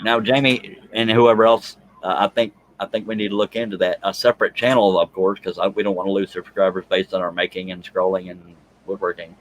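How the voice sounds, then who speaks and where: A man's voice: sits low, flat delivery, a little fast, hardly any pauses, low-quality recording. A man hosting a casual livestream chat, joking and rambling. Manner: joking, rambling, reads chat comments aloud. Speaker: show host.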